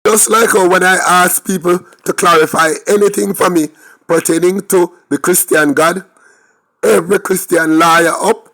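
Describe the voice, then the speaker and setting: A man's voice: high-pitched, steady tone, normal speed, sharp tone. A man with a Jamaican accent giving opinionated crime commentary, talking straight to his viewers and firing off rhetorical questions. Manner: emphatic, rhetorical questions, talks to viewers directly.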